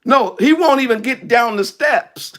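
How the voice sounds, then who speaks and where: A male preacher, telling a story in an animated sermon, laughing and shouting at peaks. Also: extremely high pitch, measured pace.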